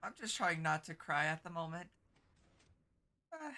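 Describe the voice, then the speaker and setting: A woman streamer in casual live-stream chat, teary and congested from crying, halting and stumbling over her words. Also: lowish voice, very animated, sharp tone.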